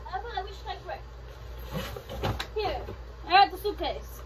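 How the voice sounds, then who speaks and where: High-pitched woman, insistent. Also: animated, normal speed. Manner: insistent, repeating herself. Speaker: vlogger. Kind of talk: casual prank banter. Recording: distant mic in a noisy room.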